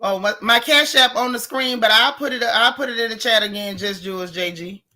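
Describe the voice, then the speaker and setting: A woman hosting a casual gossip livestream, sassy and animated, talking straight to her chat. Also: fairly high pitch, brisk. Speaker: livestream host.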